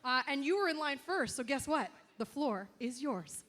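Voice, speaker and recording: A high, bright-voiced woman works a convention stage as moderator, bubbly and eager. She speaks into a handheld microphone and leads the audience questions with a self-described geek's excitement. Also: moderate pace. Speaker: panel moderator, local TV presenter. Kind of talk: hosting a convention panel.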